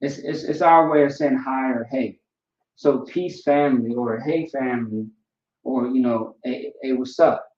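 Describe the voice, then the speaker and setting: A man's voice: medium pitch, a little slow. Guy teaching a class, laid back, lots of "you know" and "right?", sounds far off in a roomy classroom. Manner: relaxed, repeats fillers like "you know" and "right?". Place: classroom, writing on a board. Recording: roomy, distant, dull lo-fi sound.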